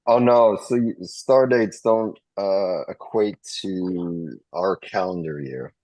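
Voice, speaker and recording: A man's voice: sits low, slow pace, darkish tone, no echo, low-quality recording. A man in casual group chat, eagerly explaining fan trivia with filler ums. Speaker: regular panelist.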